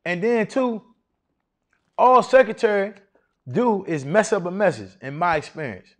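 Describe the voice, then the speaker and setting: A middle-aged man, giving a live seminar talk and quizzing his audience with questions in an animated, preacherly way. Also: sits high, measured pace. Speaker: masterclass speaker on federal contracting.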